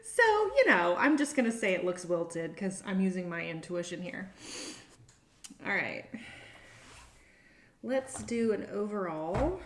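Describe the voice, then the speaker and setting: A woman's voice: medium pitch, lively intonation, unhurried, long pauses. Chatty woman doing a tarot reading. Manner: chatty and meandering, thinking aloud. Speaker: tarot reader. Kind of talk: casual tarot reading to camera. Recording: roomy echo.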